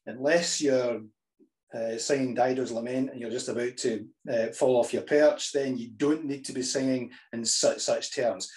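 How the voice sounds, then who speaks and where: A man teaching healthy, lively choral singing, talking through the ideas and breaking into sung examples with frequent restarts. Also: medium pitch, normal speed. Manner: demonstrates phrases by singing, restarts often.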